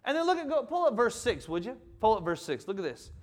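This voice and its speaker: A man in his seventies with a Southern US accent, preaching a sermon in a folksy, animated way and doing playful impressions. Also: very high voice, quick pace. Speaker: pastor.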